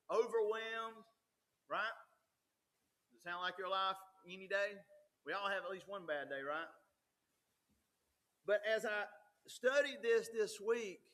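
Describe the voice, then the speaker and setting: A man's voice: sits high, bright, forceful tone. A man, preaching a folksy, conversational sermon with frequent restarts. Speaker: pastor.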